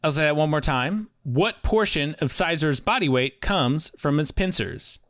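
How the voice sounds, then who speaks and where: Man, casual podcast teacher, fumbling restarts, higher voice, dead dry audio. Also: lively intonation, a bit bright, dry recording. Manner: halting, lots of uh and restarts. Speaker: teacher running a quiz.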